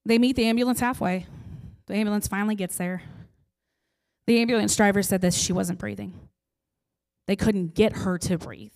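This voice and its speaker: A woman giving an emotional personal testimony in an earnest storytelling manner, pausing for effect and sometimes dropping to a near-whisper. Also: mid-range voice, steady tone, vocal fry, a little mellow. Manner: intense and heartfelt, with dramatic pauses.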